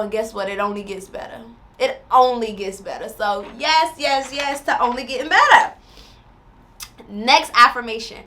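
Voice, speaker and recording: A woman vlogger reading affirmations slowly and repeating them, then chatting encouragingly to her viewers. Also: a little high, bright, forceful tone. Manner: encouraging, addresses viewers as y'all. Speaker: spirituality vlogger.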